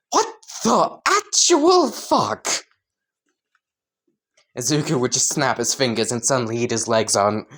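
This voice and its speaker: A woman casually narrating a fan story, rambling, laughing and swearing freely. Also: extremely low pitch.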